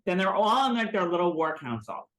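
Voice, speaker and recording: A woman co-hosting a casual recap podcast, chatty and animated, with frequent restarts. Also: fairly low pitch, a little fast. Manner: lively, chatty, with frequent restarts and self-mocking impressions. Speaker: podcast co-host.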